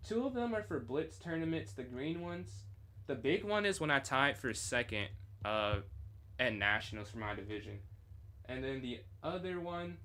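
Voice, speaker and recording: A man's voice: mid-range voice, pushed and bright. A young man casually reviewing his own chess game on a stream, thinking aloud and chatting with viewers.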